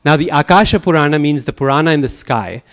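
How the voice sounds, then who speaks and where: A man teaching a Sanskrit class at a temple, telling anecdotes in an animated way with chuckles and restarts. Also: fairly high pitch, quick pace. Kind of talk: lecture with anecdotes.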